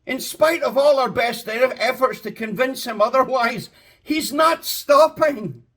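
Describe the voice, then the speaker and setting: A man preaching a sermon with passion, drawing out key words for emphasis and building up to shouts. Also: very high-pitched, husky. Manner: impassioned, rising to shouts; slow, drawn-out emphasis.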